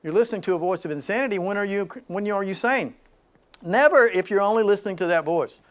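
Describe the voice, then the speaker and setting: Man leading a spiritual gathering, high voice, swings from loud to hushed, laughs often. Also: quick pace. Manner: dynamic, swings from loud emphasis to soft hushed speech; laughs between points. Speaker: spiritual group leader. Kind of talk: spiritual talk to a small group.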